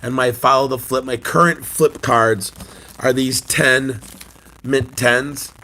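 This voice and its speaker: A man's voice: medium pitch, fairly even intonation, slow, sharp tone. A man in his forties hosting a casual morning chat on his channel, telling a family story with frequent laughter and a recurring cough. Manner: chatty storyteller, laughs often. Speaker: channel host, sports-card collector and youth coach.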